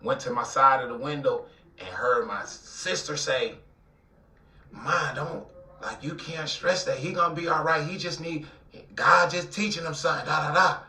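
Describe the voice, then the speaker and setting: In an interview, a guest with an Atlanta accent tells the dramatic story of his life, acting out the voices and swinging from loud outbursts to near-whispers. His voice is a little high and moves at normal speed, picked up by a somewhat distant mic in a roomy space.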